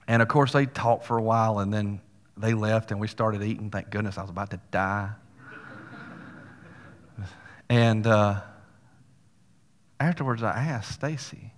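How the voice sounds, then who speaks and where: A man's voice: lowish voice, steady tone, normal speed. A male pastor preaching a sermon, telling a story in a folksy way with casual asides to the congregation. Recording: long hall reverb.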